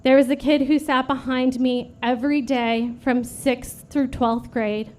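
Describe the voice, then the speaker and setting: A woman in her late thirties giving an earnest prepared memorial speech at a vigil, steady and read from a script. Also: sits high, a little slow. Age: late 30s. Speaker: vigil speaker.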